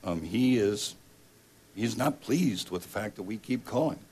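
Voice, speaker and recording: A man voicing a calm, patient father gently explaining something to his daughter. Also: fairly low pitch, measured pace, husky.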